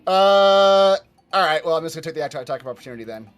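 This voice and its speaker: A man with a high voice plays a tabletop game, thinking out loud in halting phrases and laughing often. Soft music runs underneath. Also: lively intonation, clean tone. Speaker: player. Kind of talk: casual tabletop game play.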